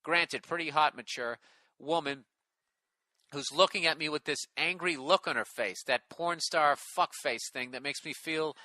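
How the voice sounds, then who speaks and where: A man's voice: fairly high pitch, measured pace, pushed and bright, no echo. A middle-aged man hosting a casual comedy podcast, reading a listener email aloud with sarcastic, profane commentary.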